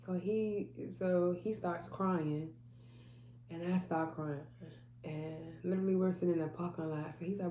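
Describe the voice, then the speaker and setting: A woman's voice: fairly low pitch, steady tone, a little slow, warm tone. A woman telling a personal story to camera in an earnest way, acting out what others said. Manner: earnest, quotes people in dialogue. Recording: echoey room with faint hum.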